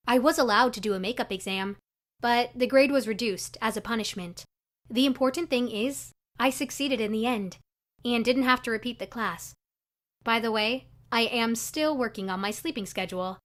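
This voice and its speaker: A young woman narrating her own story in a chatty, confessional, scripted style for an animated video. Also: a little high.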